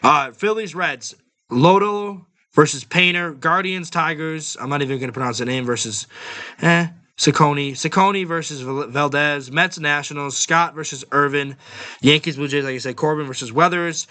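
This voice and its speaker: A man's voice: a little high, moderate pace, pushed and bright. A man hosting a sports podcast, talking bluntly and offhandedly like a fan. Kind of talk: casual sports podcast talk.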